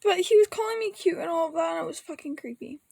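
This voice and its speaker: A woman's voice: very high voice, animated, fast, gravelly, darkish tone, a little hiss or hum. A woman vlogger rambling through an emotional, casual rant, swearing now and then and sometimes close to tears. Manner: rambling, emotional, breaks into laughs and near tears; curses casually.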